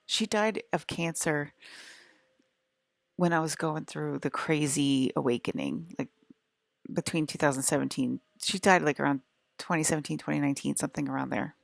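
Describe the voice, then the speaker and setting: Low gravelly woman rambling to viewers. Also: moderate pace, long pauses, no room sound. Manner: rambling, full of "like" fillers. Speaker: vlogger. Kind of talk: casual monologue to viewers.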